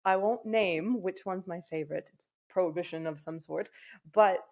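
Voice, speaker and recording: A woman's voice: lowish voice, moderate pace, a little mellow. Here is a young woman from England, chatting as a podcast guest. She talks frankly and swears freely. She laughs often and acts out her own thoughts in quoted asides. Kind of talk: casual chat.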